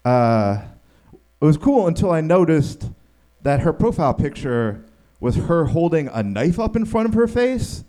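A man performing a stand-up comedy set, telling stories and acting out the people in them, sometimes yelling. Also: on the high side, a little slow. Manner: animated, acts out quotes in yelling voices.

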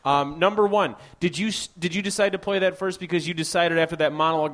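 A man's voice: a little high, fairly even intonation, fast, hardly any pauses, fairly bright tone. A man in his thirties hosting a live stage interview, teasing and joking with his guest. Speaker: host. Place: comedy stage before a live audience.

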